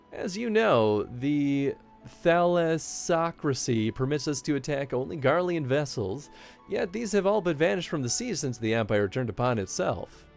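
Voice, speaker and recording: A man's voice: medium pitch, creaky, voice pushed up. A man reading the lines of a shrewd, worldly pirate captain in formal, old-fashioned phrasing. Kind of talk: reading game dialogue aloud.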